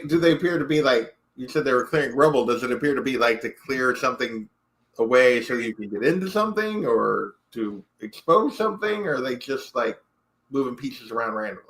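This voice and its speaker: A man playing a tabletop game, talking quickly and joking with friends. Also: medium pitch, animated, a bit bright. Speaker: player. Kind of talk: casual game chat.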